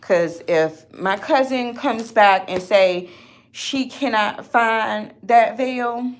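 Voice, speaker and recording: A woman's voice: a little high, slow. A woman talking in an upset, rambling vlog, often stopping and restarting her sentences. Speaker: vlogger. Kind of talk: emotional personal vlog.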